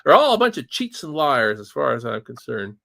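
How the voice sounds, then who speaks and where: A man's voice: medium pitch, very animated, a little fast, creaky, bright, forceful tone, no room sound. A Canadian man hosting a casual livestream chat, rambling with frequent chuckles and restarts. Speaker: podcast host.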